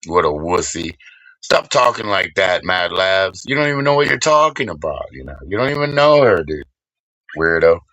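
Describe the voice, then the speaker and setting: A man streaming live, rambling and swearing casually while he shouts out viewers by name. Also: fairly low pitch, expressive, moderate pace, dry recording, rough recording.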